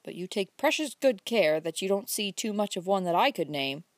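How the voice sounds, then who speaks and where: A woman voicing an earnest young man courting his sweetheart, speaking low and hushed with quiet insistence. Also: expressive, moderate pace, dry recording. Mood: earnest pleading.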